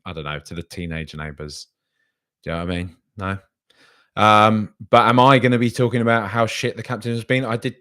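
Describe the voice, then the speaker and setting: A man hosting a casual podcast stream. He reads out viewer comments and rambles with hesitations, then argues back in an exasperated way. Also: fairly low pitch. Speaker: podcast host.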